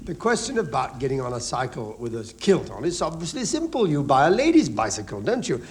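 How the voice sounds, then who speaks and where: A man's voice: mid-range voice, wildly swooping pitch, a little fast. A man on a radio comedy panel, bantering in a plummy, mock-lofty and blustering way.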